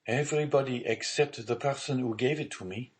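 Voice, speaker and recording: A man's voice: medium pitch, a little fast, voice pushed up, natural voice. A man reading the part of an honest, eager young prisoner who pleads earnestly.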